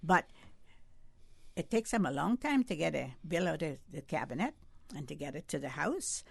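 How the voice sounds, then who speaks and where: A woman's voice: low-pitched, big pitch swings, moderate pace, vocal fry, slightly rough, dry recording. An older woman, arguing points emphatically as a guest on a call-in radio discussion. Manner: emphatic, argumentative, rising for emphasis.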